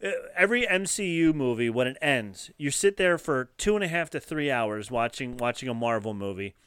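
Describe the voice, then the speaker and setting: A man in casual podcast chat, excitable and playful. His voice is smooth and clear, set close to the mic in a dry room. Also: medium pitch, fairly quick, dry recording. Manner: enthusiastic, jokey, laughs often. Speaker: podcast co-host.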